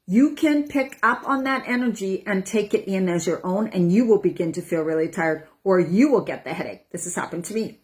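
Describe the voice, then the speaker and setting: A woman's voice: mid-range voice, expressive, fairly quick, hardly any pauses, darkish tone. Chatty woman coach over forty. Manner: chatty, breathy sighs, acts out inner voices. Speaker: wellness coach. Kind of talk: casual talk to camera.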